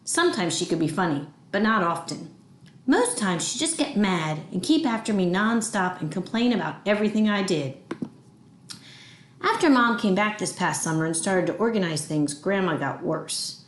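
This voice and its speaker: A woman reading a children's novel aloud with expressive storytelling. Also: mid-range voice, moderate pace, roomy sound. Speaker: audiobook reader.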